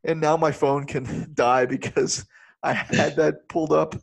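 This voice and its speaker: A man co-hosting a casual movie review chat, animated and often laughing as he talks. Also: a little high, measured pace, gravelly. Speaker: podcast co-host.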